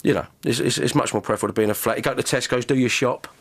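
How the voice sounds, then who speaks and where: A man's voice: medium pitch, very fast, background noise. A middle-aged man, a guest actor chatting on a radio show in a self-mocking way. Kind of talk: casual radio interview. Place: radio studio.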